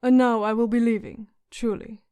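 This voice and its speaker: A woman's voice: a little high, level tone, normal speed, mellow, smooth, lightly acted. A woman voicing a sardonic, witty dwarf lord who speaks in a dry, mocking way. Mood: wry.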